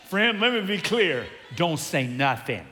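A male pastor preaching a sermon, animated and humorous, acting out the voices of the people he quotes. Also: a little high, a little hiss or hum. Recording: long hall reverb.

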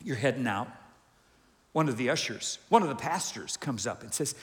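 A male pastor preaching a lively sermon, acting out quoted voices. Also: medium pitch, normal speed. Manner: animated, acts out quoted voices. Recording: reverberant hall.

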